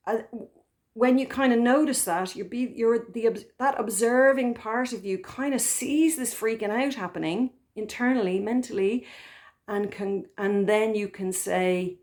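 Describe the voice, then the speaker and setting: Gentle woman therapist. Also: medium pitch. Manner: gentle, thoughtful, with soft pauses and restarts. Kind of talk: reflective spoken talk to camera.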